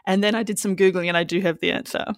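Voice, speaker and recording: A woman's voice: mid-range voice, steady tone, racing, dry recording. Chatty woman podcast host, dry sound. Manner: chatty, acts out quotes. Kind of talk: casual chat.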